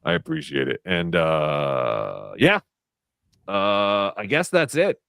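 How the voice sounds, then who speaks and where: A man's voice: low-pitched, very animated, slow pace, gravelly, fairly bright tone, smooth, dry recording, studio quality. A man hosting a casual livestream chat, loose and laughing, swearing freely. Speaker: livestream show host.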